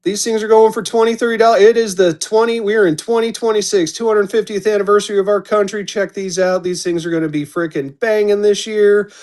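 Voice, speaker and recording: A man's voice: high-pitched, darkish tone. A man hosting a live-stream auction, chatting casually and calling out bidders as they come in. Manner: upbeat, chatty, calls out bidders.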